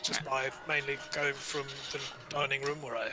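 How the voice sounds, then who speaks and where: A man's voice: on the high side, moderate pace, heavy background noise. A man chatting casually and joking about himself, laughing often. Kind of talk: casual chat. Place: home, indoors.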